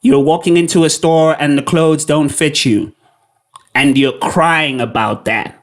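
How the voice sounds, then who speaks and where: Man, slightly high, blunt and incredulous commentary host. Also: steady tone, a little slow. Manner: blunt, incredulous, repeats himself. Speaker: reaction video host. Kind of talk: casual commentary.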